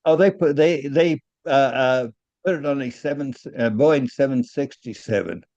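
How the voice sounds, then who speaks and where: A man's voice: medium pitch, moderate pace, a little mellow, dry recording, muffled recording. An older man, a retired aircraft engineer, talking casually in an interview, often repeating words and chuckling at his own stories.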